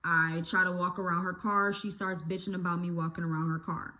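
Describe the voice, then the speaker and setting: A young woman YouTuber telling a childhood story in a casual, animated way, laughing and cursing freely. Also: on the low side, brisk.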